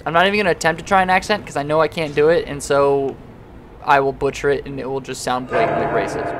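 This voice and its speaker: A young man giving let's-play commentary on a horror game, joking and excitable as he talks to himself while playing. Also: fairly high pitch, fast, faint music behind. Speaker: gaming YouTuber.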